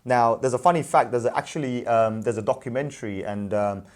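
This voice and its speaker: A man's voice: medium pitch, a little fast. Emphatic man ranting in casual talk. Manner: animated, emphatic, repeats points with rhetorical questions. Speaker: businessman and parent, show host. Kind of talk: casual discussion.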